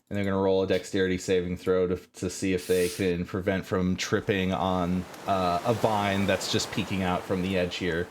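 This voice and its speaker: A man's voice: low-pitched, level tone, normal speed, hardly any pauses, a little hiss or hum. A man narrating as game master in a tabletop game, hesitant with many fillers.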